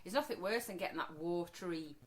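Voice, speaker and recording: A woman's voice: lowish voice, crowd noise. A woman co-hosting a podcast, blunt and sweary in casual chat. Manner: blunt, sweary, quick reactions. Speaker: podcast co-host.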